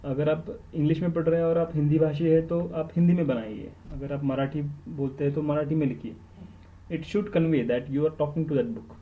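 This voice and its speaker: A man with an Indian accent talks through study advice in a fairly high voice. He is earnest and emphatic, stacking "very" on "very" to stress a point. The recording sounds dull and lo-fi. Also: steady tone, rapid-fire. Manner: earnest and emphatic, repeats words for stress, switches into Hindi. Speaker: exam topper giving study tips. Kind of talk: instructional podcast talk.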